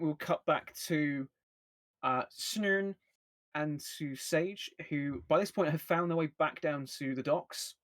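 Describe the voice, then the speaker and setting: Hesitant game master, dry sound. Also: male voice, medium pitch, no room sound. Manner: hesitant, many ums. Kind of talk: narrating a tabletop game.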